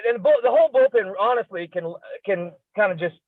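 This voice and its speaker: A man with a high voice trades loose, joking sports talk as a podcast co-host. His sound is thin and phone-like, with a dry, close feel to it. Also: animated, quick pace, no room sound. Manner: loose, joking, swears casually. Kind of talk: casual sports chat.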